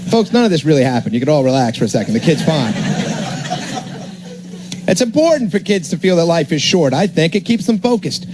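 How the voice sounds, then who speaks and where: A man's voice: on the high side, sing-song, fairly quick. A man in his thirties with a New York accent, doing a stand-up set with sarcastic, biting jokes before a laughing club crowd. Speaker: stand-up comedian. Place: comedy club stage with laughing audience. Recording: echoey club with crowd noise.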